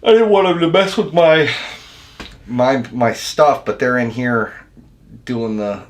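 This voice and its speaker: A mid-range male voice, slow in pace, belongs to an American video editor and channel host. He's in a casual livestream chat, talking loosely and laid-back with viewers, with plenty of dude and man.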